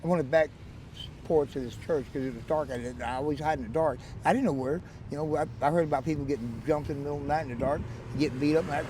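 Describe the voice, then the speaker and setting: A man's voice: fairly high pitch, fast, noisy background. A man in his forties with a West Texas Southern drawl, a rambling, joking storyteller in a casual outdoor street interview. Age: 40s. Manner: rambling, joking storyteller who laughs often.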